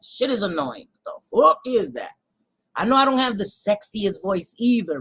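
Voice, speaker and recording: A woman hosting a livestream, ranting to her chat in a heated, profane casual way that swings between loud outbursts and quieter stretches. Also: mid-range voice, very animated, moderate pace, breathy edge, low-quality recording. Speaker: livestream host.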